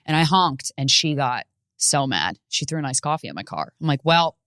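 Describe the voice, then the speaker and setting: Low-voiced woman doing a comic monologue. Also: fairly quick, no echo, studio quality. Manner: profane, rambling, animated with sudden shouted bits. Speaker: podcast host and stand-up comedian. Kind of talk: solo comedic monologue.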